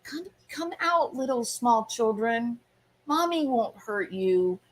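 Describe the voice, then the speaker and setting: A woman's voice: on the high side, lively intonation, slow. A woman voicing a rattled, hot-tempered mother who talks in dismayed, half-joking asides.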